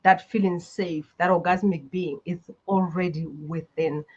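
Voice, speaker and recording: A podcast guest who works as a healer, talking emphatically, with big swings in loudness. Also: medium pitch, fairly even intonation, unhurried, dull audio. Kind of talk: casual panel talk.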